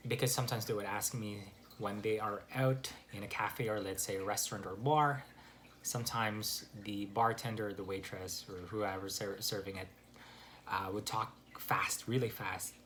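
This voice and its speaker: A man giving a casual spoken English lesson, relaxed and full of fillers and restarts. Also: fairly low pitch, measured pace, slight background noise. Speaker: English teacher. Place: Canada.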